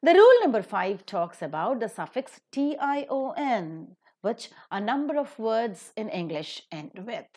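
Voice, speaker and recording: A woman lecturing on English word stress over slides, her voice rising and falling with emphasis. She speaks clearly and deliberately, spells endings out letter by letter and repeats each example word. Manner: lively pitch with emphatic stresses. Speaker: English pronunciation teacher.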